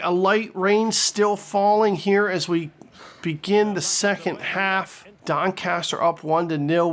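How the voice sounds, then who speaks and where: High-voiced excitable male game commentator. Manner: excitable, crude jokes, shouts on big plays. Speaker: gaming commentator. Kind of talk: comedic play-by-play game commentary.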